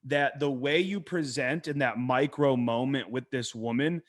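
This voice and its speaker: A man, a dating coach, talking casually on a podcast, an animated and profane storyteller who acts out quotes in a hushed voice. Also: medium pitch, a little slow. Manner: profane, emphatic.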